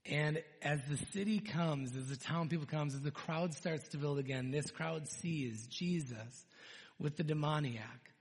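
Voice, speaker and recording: A man delivers a sermon, retelling scripture with lively storytelling that sinks to near-hushed tones on the key moments. His voice sits a little high for a man. A long reverb trails every phrase, the sound of a large hall. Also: a little slow. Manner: animated storytelling, dropping to hushed tones for emphasis. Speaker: preacher.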